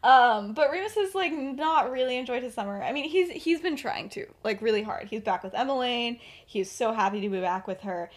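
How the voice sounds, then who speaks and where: A woman's voice: fairly high pitch, lively intonation, brisk, few pauses. A woman hosting a podcast, retelling a fan story casually, rambling with many fillers and laughing often. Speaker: podcast host.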